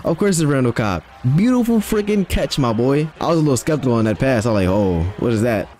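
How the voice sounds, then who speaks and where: A young man giving casual, excitable commentary while playing a video game, trash-talking and exclaiming as he plays. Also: medium pitch, fast talker. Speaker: gamer. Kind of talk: live gameplay commentary.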